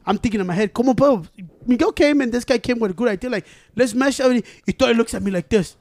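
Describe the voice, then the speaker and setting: A man co-hosting a podcast in casual banter, animated and swearing, laughing often. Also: very high voice, very fast, no echo. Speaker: podcast co-host. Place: indoor studio table.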